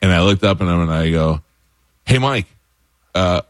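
A middle-aged man, a former sports reporter, telling animated stories in casual chat, his voice jumping up when he gets excited. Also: fast talker, no room sound, clean studio sound. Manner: animated, jumps high in pitch when excited.

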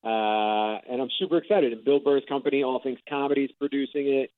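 A man's voice: mid-range voice, fairly even intonation, a little fast, no echo. Male comedian, 30s, easygoing guest, phone-quality line. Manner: easygoing, joking, some stumbles. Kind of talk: casual radio interview chat. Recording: dry, tinny phone-like line.

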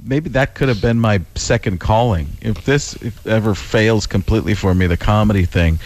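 A man's voice: on the low side, moderate pace, darkish tone. A man, a comedian guest, chatting casually on a radio show and laughing often.

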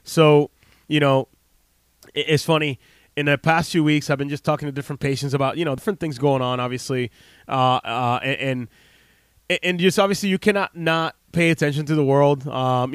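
In a medium-pitched, smooth voice with fairly even intonation, a US health practitioner in his late thirties talks a little fast in a casual, heartfelt ramble to camera. Fillers and restarts run all through it. The sound is studio quality with no echo.

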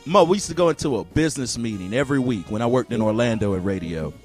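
A man hosting a radio show, telling stories in a casual, animated way and often mimicking other people. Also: mid-range voice, fast, faint music behind. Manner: animated storyteller, mimics voices, laughs often.

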